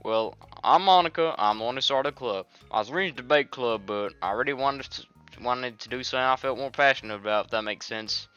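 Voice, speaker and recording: A man's voice: medium pitch, fast, hardly any pauses, bright, forceful tone, smooth, dull audio, faint music behind, close to an everyday voice. A man voicing a poised teenage girl club president in a near-natural voice, friendly and composed.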